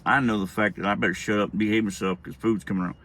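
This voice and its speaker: A man's voice: lowish voice, steady tone, very fast, a bit bright. A middle-aged man telling a childhood story in a casual, rambling, profane way with many restarts.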